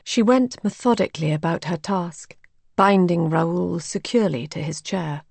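A woman narrating a story in a measured, even way. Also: on the low side, vocal fry, no room sound.

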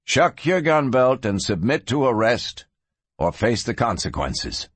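A man voicing a steady veteran sheriff who speaks in short, firm lines. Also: mid-range voice, measured pace, slightly rough, no room sound. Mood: stern.

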